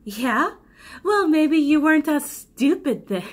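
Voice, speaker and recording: A tipsy woman voicing a sharp-tongued, hostile teenage girl who snaps and sneers sarcastically. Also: fairly high pitch, big pitch swings, a little slow, breathy edge, exaggerated voice. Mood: snappish. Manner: snapping, sarcastic.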